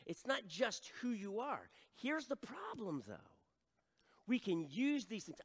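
A middle-aged male pastor preaching an animated sermon, acting out voices and adding self-deprecating asides. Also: high-pitched, takes it slowly, big-room sound.

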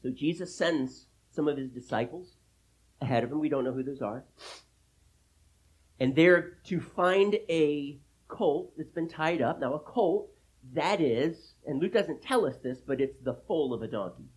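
A man's voice: a little high, unhurried, slightly rough, low-quality recording. A man preaching an expository sermon, teaching with emphasis and personal asides to the congregation. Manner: emphatic, animated Bible teaching with asides to listeners. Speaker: pastor.

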